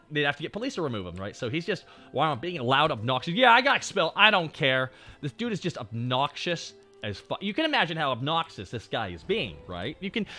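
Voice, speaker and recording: A man's voice: fairly high pitch, bright, forceful tone. A young man, telling a story casually on stream in a profane, rambling way.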